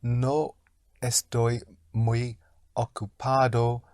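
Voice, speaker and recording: A man's voice: medium pitch, level tone, extremely slow, a little mellow, no room sound, clean studio sound. A man answering as a student in a language lesson, hesitant and correcting himself.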